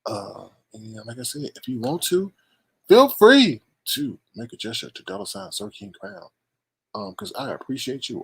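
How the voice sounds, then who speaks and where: A man's voice: mid-range voice, very animated, normal speed, gravelly, fairly bright tone, breathy edge. A man hosting a casual live stream who rambles, repeats himself and teases his callers.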